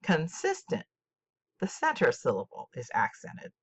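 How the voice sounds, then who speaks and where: An older woman teaching a scripted literature lesson, speaking slowly and deliberately with clear enunciation. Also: low-pitched, animated. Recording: dull lo-fi recording.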